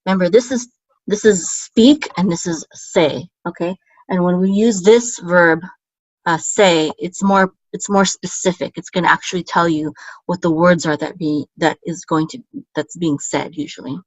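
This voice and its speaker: A woman with a fairly low voice walks through grammar patiently, pausing on ums and checking understanding after each point. The sound is dry and close, with no room around it. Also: no room sound, low-quality recording. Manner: patient, many "okay?" checks and filler ums. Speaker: Hebrew teacher. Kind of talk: explaining grammar step by step.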